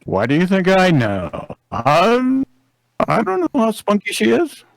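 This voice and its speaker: A man voicing a hot-headed, furious male bird pilot in a live comedic fanfic reading, shouting with outrage. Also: sits high, huge pitch swings, unhurried, gravelly, no echo, voice pushed up, full character voice. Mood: sarcastic.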